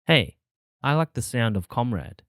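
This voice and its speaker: A man's voice: on the low side, moderate pace, a little mellow, no room sound, clean studio sound, close to an everyday voice. A man reading a boisterous sixteen-year-old boy who teases, in an audiobook. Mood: teasing. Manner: boisterous, teasing.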